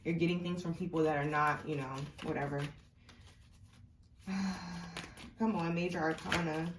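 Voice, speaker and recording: A woman's voice: fairly low pitch, normal speed, far from the mic, background noise. Congested woman reading tarot, echoey room. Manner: chatty and rambling, many fillers and restarts. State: congested sinuses. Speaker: tarot reader. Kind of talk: casual tarot reading to camera. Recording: echoey room, mic set back.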